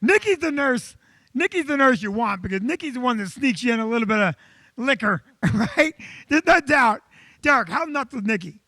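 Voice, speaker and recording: A male comedian hosts a live show, telling a story with animated energy. His voice sits unusually high and bright for a man. The sound is close and dry. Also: moderate pace, dry recording. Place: comedy club.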